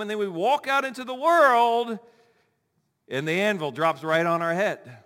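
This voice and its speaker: A male pastor preaching a sermon, animated, acting out the people he quotes. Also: high voice, brisk. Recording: long hall reverb.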